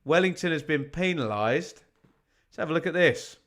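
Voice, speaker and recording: A man's voice: a little high, lively intonation, moderate pace, fairly bright tone. A man hosting a live football watch-along, chatting with viewers and reading out scores from other games. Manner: chatty, reads out scores, asks the chat rhetorical questions. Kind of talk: live fan commentary and chat.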